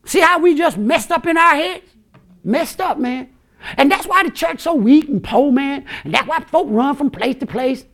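A man preaching a fiery sermon in a strikingly high voice that rises into bursts of shouting. His tone is bright and forceful, loose and colloquial as a pastor, with chuckles breaking in between points. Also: animated, moderate pace, creaky.

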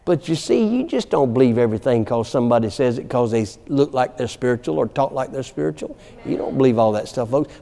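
A man of medium pitch with vocal fry tells his sermon like a down-home story, animated and breaking into laughter. He calls "amen" over and over, and the recording carries a long hall reverb.

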